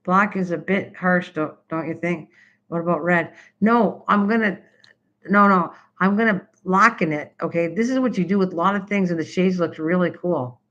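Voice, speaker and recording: A woman's voice: lowish voice, moderate pace, fairly bright tone, highs cut off. An older woman from Canada hosting a casual craft live stream, rambling chattily and answering viewers' typed comments.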